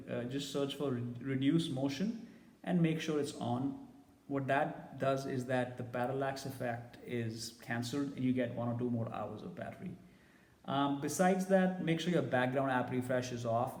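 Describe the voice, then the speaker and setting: A man's voice: medium pitch, a little mellow, roomy sound, in a large hall. A man giving a casual, blunt and opinionated tech review.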